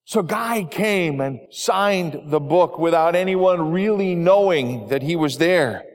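A man preaching, telling a gentle story to his congregation, voice dropping quiet at tender moments. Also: fairly high pitch, animated, slow. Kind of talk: sermon story narration. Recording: long hall reverb.

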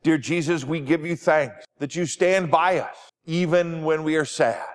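A man giving a children's sermon as pastor, animated and sing-song, asking the kids simple questions. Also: fairly high pitch, unhurried. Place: church sanctuary. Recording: long church reverb.

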